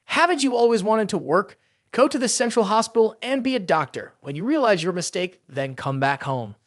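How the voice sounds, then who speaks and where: A narrator voicing an arrogant, quick-tempered rich young man who speaks in curt commands. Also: medium pitch, expressive, dry recording, clean studio sound, close to an everyday voice. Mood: angry.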